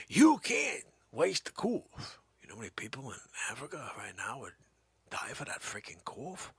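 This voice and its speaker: A man doing a rambling stand-up comedy monologue, switching between hushed asides and loud silly voices. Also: mid-range voice, huge pitch swings, unhurried, vocal fry, breathy edge, no echo. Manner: goofy, jumps between whispers and loud silly character voices; rambling and playful.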